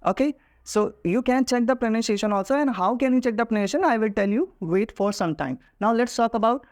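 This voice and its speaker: A man teaching pronunciation in a video lesson, pausing often with "uh" and speaking straight to his viewers. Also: very high voice, no room sound, studio quality. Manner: hesitant, many "uh" pauses, addresses viewers directly. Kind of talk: classroom-style video lesson.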